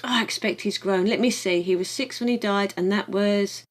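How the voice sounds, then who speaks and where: A woman reading the part of a newly dead man, a father who is gruff and doubting at first, in an audiobook. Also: medium pitch, moderate pace, close to an everyday voice, poor audio. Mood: eager.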